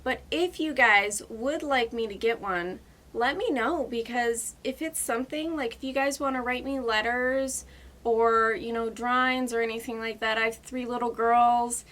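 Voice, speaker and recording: A young woman beauty vlogger chatting to camera in a gushing, excitable and emotional way. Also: fairly high pitch, normal speed. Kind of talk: casual chat to camera.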